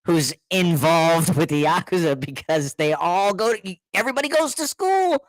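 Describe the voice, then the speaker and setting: A middle-aged man telling a story in casual chat, animated, laughing often and acting out what others said. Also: high-pitched, moderate pace, no echo. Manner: animated, laughing, repeats words, acts out quotes.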